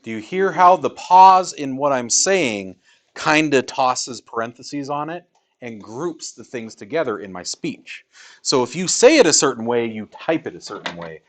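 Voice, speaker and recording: A man's voice: mid-range voice, lively intonation, normal speed. A man teaching a math class in a classroom, talking casually and chatty as he explains. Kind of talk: classroom lecture.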